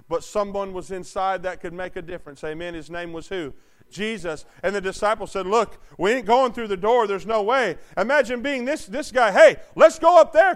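A man's voice: extremely high pitch, a bit bright, clean tone. A man preaching a sermon, reading scripture aloud and dramatizing God and Jesus with call-and-response to the congregation. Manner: voices God and Jesus in impassioned quoted speech.

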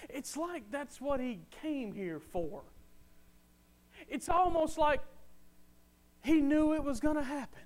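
Man, high voice, fervent preacher; drops low then builds loud, hammers phrases twice. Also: expressive, takes it slowly, pauses often. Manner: impassioned, swings from quiet to loud; repeats phrases for emphasis. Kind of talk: sermon.

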